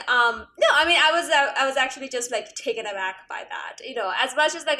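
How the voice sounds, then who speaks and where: A woman's voice: on the high side, bright, forceful tone. A woman co-hosting a comics podcast, talking in a rambling way full of fillers and laughter. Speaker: podcast co-host. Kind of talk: casual comic book chat.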